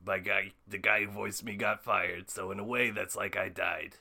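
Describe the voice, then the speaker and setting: A man's voice: fairly low pitch, fairly even intonation, moderate pace, vocal fry, sharp tone, voice pushed down, exaggerated voice. A man doing a comedic impression of a cranky old mad scientist who rambles and stammers through fillers. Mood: offhand.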